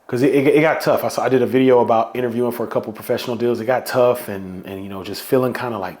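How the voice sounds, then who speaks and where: Man, podcast host, casual solo talk, earnest, emotional, mid-pitched voice. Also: fast, a little mellow. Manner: heartfelt, emotional, conversational.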